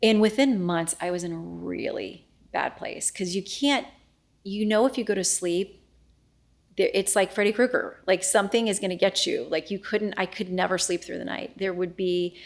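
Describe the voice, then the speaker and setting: A woman's voice: medium pitch, moderate pace, creaky. A middle-aged woman as an interview guest, frankly telling a personal story and often acting out what she and others said. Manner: earnest, frank, quoting herself and others in dialogue.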